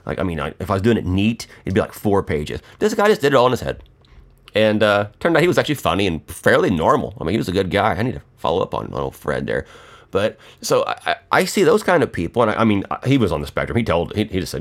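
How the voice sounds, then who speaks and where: A man's voice: lowish voice, huge pitch swings, quick pace. A middle-aged man telling rambling, profane and joking stories in a casual monologue.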